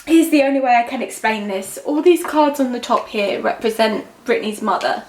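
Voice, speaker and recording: A young woman talks through a tarot reading in a fairly high voice. She is emotional and halting, trailing off and starting again. The room gives her voice a roomy echo. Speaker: tarot reader. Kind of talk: channeled psychic tarot reading.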